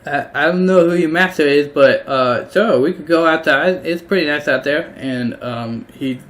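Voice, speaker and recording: A man's voice: fairly high pitch, normal speed, a bit bright. A man narrating a tabletop game as game master, casual and hesitant with many fillers.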